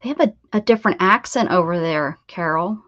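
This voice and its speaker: A woman's voice: lowish voice, brisk, a bit bright, no echo. An American woman in middle age hosting a craft livestream, chatting casually with viewers in a rambling way, with restarts and laughs. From United States. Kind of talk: casual chat with live viewers. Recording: dull, dry lo-fi stream audio.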